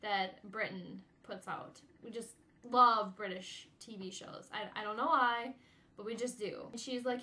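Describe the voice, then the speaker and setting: A woman's voice: medium pitch, steady tone, a little slow, sharp tone. A young American woman vlogging in casual chat, bubbly and rambling as she gushes to camera. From United States. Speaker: vlog channel regular.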